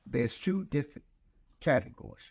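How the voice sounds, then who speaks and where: A man telling animated anecdotes in casual talk. He acts out the quoted lines and laughs as he goes. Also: on the high side, normal speed, slightly rough. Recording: slightly dull lo-fi podcast audio.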